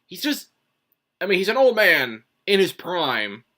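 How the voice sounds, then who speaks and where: This is a man with a sharp, bright tone, chatting through a review on his own. He rambles, swears freely and keeps restarting his sentences with fillers. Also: sits high, big pitch swings, measured pace. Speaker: manga reviewer. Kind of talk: casual solo review commentary.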